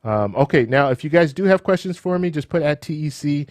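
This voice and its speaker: A man hosting a live show, who says he is losing his voice. He talks in a casual, animated way, with rhetorical questions, repeated words and restarts. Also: fairly high pitch, a little fast, no room sound. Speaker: livestream host. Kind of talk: casual live commentary and chat Q&A.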